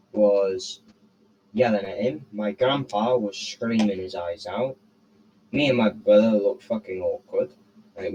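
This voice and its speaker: A man's voice: on the low side, a little mellow, low-quality recording. A teenage boy telling a rambling, profane story on a casual podcast, tagging his sentences with "right?". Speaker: podcast co-host.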